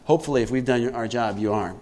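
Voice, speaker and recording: A man's voice: mid-range voice, fast talker, a little mellow, slight background noise. A middle-aged man giving a twelve-step recovery talk to a group, conversational and emphatic, often putting questions to his listeners.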